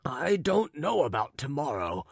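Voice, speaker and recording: A man voicing a very tall, haughty gentleman who speaks in a curt, husky voice. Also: mid-range voice, sing-song, a little slow, no room sound, clean studio sound, heavily acted. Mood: affronted.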